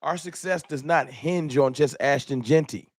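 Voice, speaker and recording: A man's voice: fairly high pitch, moderate pace, dry recording, studio quality. A man hosting a live fan talk stream in a casual, slangy way, greeting viewers by name.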